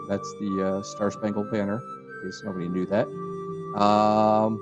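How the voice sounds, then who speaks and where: A man giving a rambling, chatty let's-play commentary on a game, trailing off and restarting, with sudden excited jumps in pitch. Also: measured pace, muffled recording, over music. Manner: excited bursts of high pitch at discoveries. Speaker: gaming channel host.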